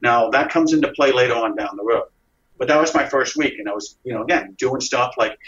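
A man being interviewed, telling a story in a lively way and acting out the dialogue as he goes. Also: mid-range voice, a little fast, lo-fi sound. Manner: animated storyteller, acts out dialogue.

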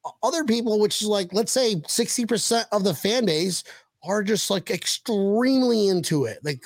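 A man hosting a casual sports podcast, talking in an animated, rambling way with frequent restarts. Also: high-pitched, moderate pace, dry recording. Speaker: podcast host.

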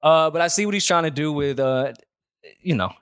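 A man's voice: a little high, fairly quick, a bit bright, smooth, no room sound, clean studio sound. A man co-hosting a podcast, chatting casually and dryly while reacting to a music video. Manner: laid-back, wry commentary. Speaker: podcast co-host.

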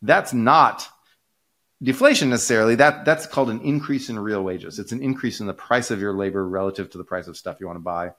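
Podcast co-host, male, lowish pitch, chatty, rambling explainer. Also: brisk. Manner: rambling, restarts, many fillers, animated pitch jumps. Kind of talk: casual conversational explainer.

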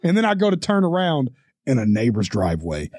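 A podcast co-host rambles through a crude story, laughing often and swearing freely in casual storytelling. His medium-pitched voice swings hugely in pitch, brisk and a little mellow, on a dry, clean studio recording.

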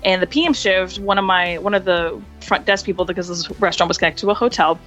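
A woman guest in a casual interview, telling lively stories, laughing often and acting out voices. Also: fairly low pitch, quick pace, muffled recording, faint music behind. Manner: animated, laughs often, acts out quoted voices. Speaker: interview guest, hotel hospitality worker.

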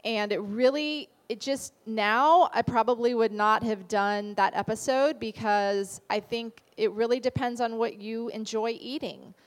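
A woman's voice: fairly high pitch, fairly even intonation, measured pace, hardly any pauses. A woman dietitian teaching a class in a casual, conversational way, often asking the audience rhetorical questions.

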